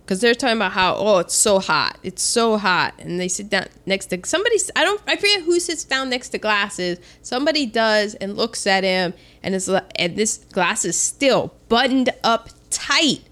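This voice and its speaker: A woman's voice: medium pitch, normal speed, hardly any pauses. A woman co-hosting a podcast, chatting casually and animatedly as she quotes scenes from a film. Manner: animated, jumps in with quoted lines. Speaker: podcast co-host. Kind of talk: casual chat recapping a film.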